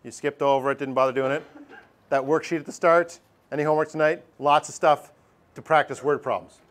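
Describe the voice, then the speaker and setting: Lively, joking male math teacher. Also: fairly high pitch, brisk. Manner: lively, jokey, acts out student voices. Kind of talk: classroom lecture. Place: classroom.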